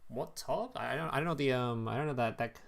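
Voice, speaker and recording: Talking fast with medium pitch and vocal fry, this young streamer reacts to his chat in a loose, profane way. He stumbles over words and keeps chuckling.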